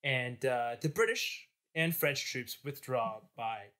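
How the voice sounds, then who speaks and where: A man's voice: mid-range voice, expressive, slow pace, a bit bright. A man hosting a comic history podcast, telling the story in a joking, chatty way.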